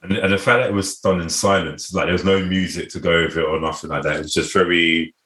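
A man's voice: deep voice, level tone, fast talker, fairly bright tone. A man in a casual chat, talking in an easygoing, thoughtful way. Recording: roomy echo.

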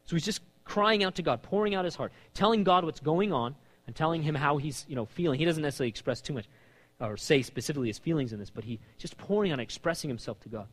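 Impassioned preacher man in a reverberant hall. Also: a bit bright. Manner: impassioned, reads scripture aloud with rising pitch and slowed emphasis. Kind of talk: sermon.

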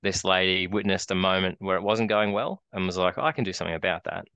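Aussie podcast co-host, low monotone, smooth dry voice, rambling anecdote style. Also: male voice, fast, no room sound, muffled recording. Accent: Australian. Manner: rambling storyteller, many restarts and fillers. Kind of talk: casual chat.

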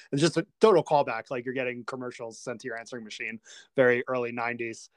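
A man in a casual film chat, talking through favorite scenes in a chatty, animated way. His voice sits mid-range and sounds close and dry, with no room around it. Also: mid-range voice, dry recording.

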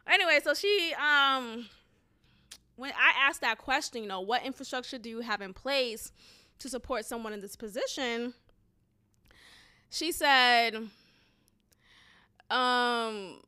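Venting on a casual vlog, this thirtysomething educator tells a story animatedly, using lots of fillers and a bit of swearing. Her voice is slightly high, slow, clear, and resonant.

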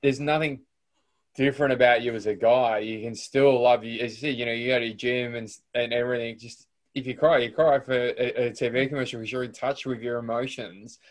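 A man's voice: mid-range voice, steady tone, a little fast. A man with an Australian accent hosting a podcast, talking in a loose, rambling way full of restarts. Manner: rambling, lots of fillers and restarts. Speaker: podcast host. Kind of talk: casual interview chat.

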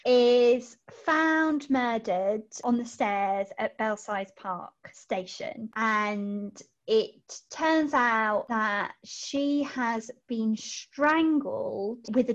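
A woman co-hosts a chatty book podcast with a fairly high, bright voice, giggling and restarting her sentences as she goes. The recording sounds dull and lo-fi. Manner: giggly, animated, trails off into restarts. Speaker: podcast co-host. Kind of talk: casual podcast chat. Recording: lo-fi dull audio.

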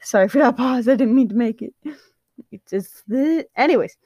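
A woman's voice: on the high side, normal speed, dark tone, no room sound, clean studio sound. A young woman casually reading fan fiction aloud, chatty and self-deprecating, stumbling over words. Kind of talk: casual read-aloud storytelling.

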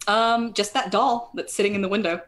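A woman's voice: medium pitch, steady tone, brisk, a bit bright. A woman narrating a tabletop horror game as game master. She describes each scene in a rambling way and corrects herself as she goes.

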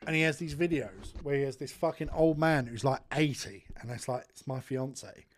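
A man in his thirties hosts a casual studio podcast. He talks in blunt, sweary, animated banter with a slightly high voice. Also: fairly quick. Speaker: podcast host. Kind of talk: casual chat.

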